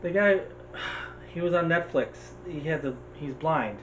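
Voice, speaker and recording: An American man co-hosts a casual movie chat podcast, sounding animated and opinionated and constantly jumping into quick asides. His pitch is fairly high, the sound is lo-fi, and a faint hiss runs beneath his voice.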